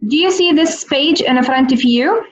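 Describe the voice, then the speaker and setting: A woman teaching on a video call, slowly repeating each word for her students. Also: high-pitched, dull audio. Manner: slow, repeats words for learners. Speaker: Arabic teacher. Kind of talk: online language lesson.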